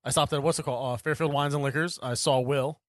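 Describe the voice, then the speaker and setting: A man's voice: on the high side, fairly even intonation, fast, a little hiss or hum. A man co-hosting a casual beer podcast, chatty and telling loose stories. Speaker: podcast co-host. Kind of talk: casual beer-tasting chat.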